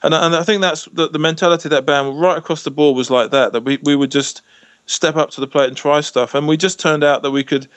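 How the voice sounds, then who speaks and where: His voice sits on the high side, bright and steady in tone, moving at a quick pace with no room sound. He's an English musician guest on a casual video call interview, chatting through stories with frequent restarts and plenty of "you know."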